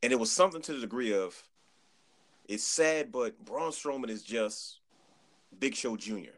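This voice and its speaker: A man chatting on a podcast, telling an animated story, acting out quotes and repeating words as he goes. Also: medium pitch, normal speed. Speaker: podcast guest. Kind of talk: casual chat.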